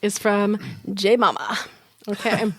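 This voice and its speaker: A woman co-hosting a podcast in casual chat, lively and quick to laugh, often cutting in on her partner. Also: mid-range voice, dry recording, clean studio sound. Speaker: podcast co-host.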